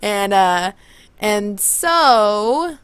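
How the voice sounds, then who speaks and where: A young woman telling a story in a casual vlog, excited and rambling, often backtracking to fix the order of events. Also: medium pitch, extremely slow, smooth, no echo. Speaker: vlogger.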